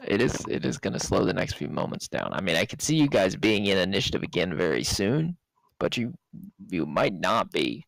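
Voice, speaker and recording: A man's voice: sits low, big pitch swings, gravelly, no echo. A man running a tabletop game as game master, narrating loosely with many restarts. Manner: loose, halting, lots of fillers and restarts.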